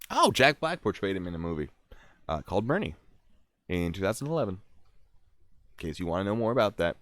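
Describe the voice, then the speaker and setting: A man's voice: low voice, big pitch swings, fairly quick, pauses often, a bit bright, no room sound. A man hosting a casual livestream, reading out true-crime trivia and adding joking, sarcastic asides. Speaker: streamer reading stories.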